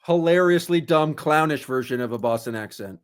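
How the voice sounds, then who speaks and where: An animated man co-hosting a podcast, riffing through comic rants in easy chat. His voice sits a little high for a man and stays lively from one joke to the next. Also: brisk, smooth. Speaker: podcast co-host.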